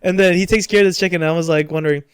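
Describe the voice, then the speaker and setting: A young man co-hosting a casual podcast, telling a story in a relaxed, halting way with lots of fillers. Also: high voice, clear, resonant tone, no echo, studio quality. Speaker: podcast co-host.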